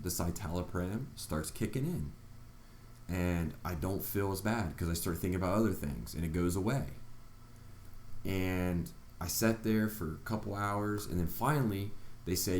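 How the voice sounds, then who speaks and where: A man's voice: deep voice, normal speed, a little mellow, reverberant, slight background noise. A man vlogger earnestly telling a personal story, acting out his own reactions along the way. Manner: earnest, retelling events with quoted reactions.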